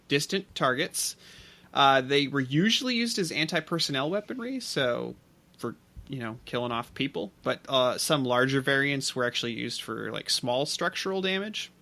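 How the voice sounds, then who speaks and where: A man co-hosting a relaxed podcast, with a bright, forward voice at an ordinary pitch. He rambles through his facts, full of fillers and restarts. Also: normal speed, vocal fry. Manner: rambling explainer with many fillers. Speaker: podcast co-host. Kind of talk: casual podcast chat.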